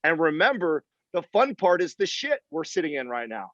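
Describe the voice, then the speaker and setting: Podcast guest, male, slightly high-pitched, emphatic and profane, dry muffled sound. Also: sing-song, normal speed, fairly bright tone, no echo. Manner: candid and emphatic, swears freely. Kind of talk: casual interview talk.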